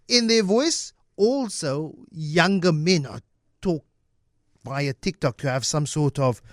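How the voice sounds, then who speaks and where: A South African man hosting a morning radio talk show, speaking in an animated, conversational way into a studio microphone. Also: fairly high pitch, no echo.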